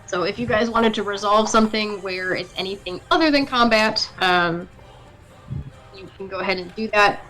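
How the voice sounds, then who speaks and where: Woman game master, bright tone, halting descriptive narration, faint music underneath. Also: mid-range voice, poor audio. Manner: descriptive with many fillers. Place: home setup on a live stream.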